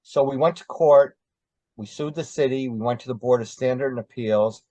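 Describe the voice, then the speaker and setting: A man's voice: medium pitch, moderate pace, dark tone, dry recording, low-quality recording. An older man recounting his past as an interview guest in casual, rambling storytelling, full of ums and uhs.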